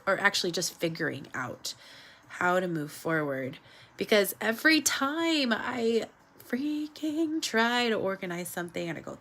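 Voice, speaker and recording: A woman artist hosting her show, chatting casually and rambling with lots of fillers and quick laughs as she draws. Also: fairly low pitch, creaky, fairly bright tone. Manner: laughs often. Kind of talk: casual chat while drawing.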